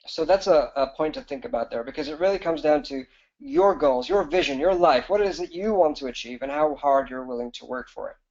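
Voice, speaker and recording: Fast-talking man pitching a webinar. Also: sing-song, gravelly, darkish tone, lo-fi sound. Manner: fast, enthusiastic sales pitch with fillers and restarts. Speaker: business coach presenting a webinar. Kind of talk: live webinar presentation.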